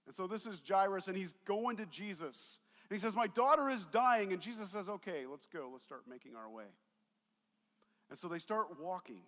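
A man's voice: high voice, animated, moderate pace, a bit bright, big-room sound. A man preaching a sermon as a pastor, talking casually and acting out the voices of the people in the story.

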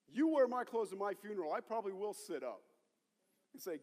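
A man preaching a sermon as pastor, rallying the congregation and calling on them to shout back. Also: high voice, lively intonation, a little fast. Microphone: handheld or stage mic. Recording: long reverb of a large hall.

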